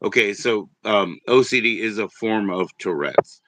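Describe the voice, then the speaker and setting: Brief: male host, low and bright voice, dry close sound, patient interjections. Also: unhurried, dry recording. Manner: patient, tries to get a word in, repeats questions.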